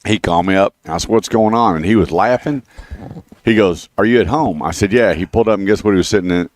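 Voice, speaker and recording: In a radio studio, a man hosts a show of casual chat and stories between car dealer plugs, repeating the phone number as he goes. His low-pitched voice moves fast, with a little hiss or hum on the recording.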